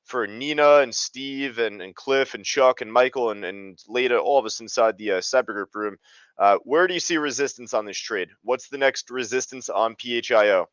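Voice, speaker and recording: A man's voice: medium pitch, normal speed, a bit bright, no room sound, highs cut off. A man hosting a live trading webinar, talking casually with lots of fillers. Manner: casual, chatty, many fillers. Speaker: trading room host.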